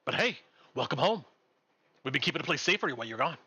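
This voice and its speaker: A man puts on a lazy, sardonic rogue in a tabletop game, dropping his voice a touch into a bright, drawling sneer. He swears casually and sounds unbothered by anything. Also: fairly high pitch, lively intonation, quick pace, husky, full character voice. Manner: drawling, sarcastic. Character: laid-back, sardonic, foul-mouthed male rogue.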